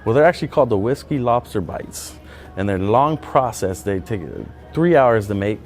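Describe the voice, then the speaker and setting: A man's voice: medium pitch, lively intonation, normal speed, darkish tone, faint music behind. A man, an executive chef, explaining a dish plainly in a casual interview.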